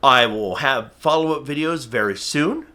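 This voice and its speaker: A man's voice: mid-range voice, moderate pace. A man teaching how to train a falcon to hop to the fist, talking to camera with emphatic energy. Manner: energetic, emphatic, acts out bird and viewer voices. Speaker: falconry instructor. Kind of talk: instructional talk to camera.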